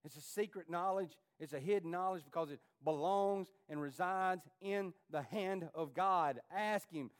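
A man preaching a sermon as pastor of a church, pleading and impassioned, his voice swinging from hushed to rising. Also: high voice, unhurried, hardly any pauses, clear, resonant tone.

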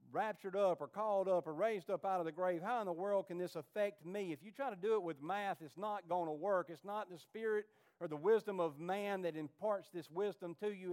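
A man preaching a sermon as pastor of a church, pleading and impassioned, his voice swinging from hushed to rising. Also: sits high, smooth.

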